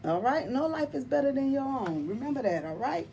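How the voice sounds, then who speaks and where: Brief: woman, tarot vlog host, fairly high voice, lively and emphatic, laughs a lot, casual colloquial chat. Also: a little fast, a little hiss or hum. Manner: animated and emphatic, laughs often, repeats phrases; colloquial, addresses viewers as y'all and honey. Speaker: tarot reader and channel host.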